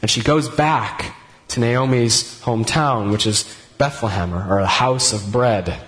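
A man teaching a Bible story in a casual, animated way, voicing the characters' words as he goes. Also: medium pitch.

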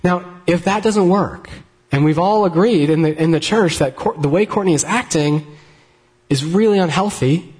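A man preaching a sermon in a conversational, gently humorous way, often restarting his sentences. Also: a little high. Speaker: pastor. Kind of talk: sermon with live demonstration.

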